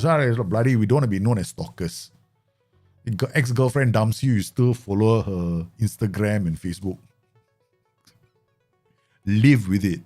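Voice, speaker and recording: A man's voice: lowish voice, a little mellow. A man chatting casually through a live stream of a football management game, laughing often and making playful asides.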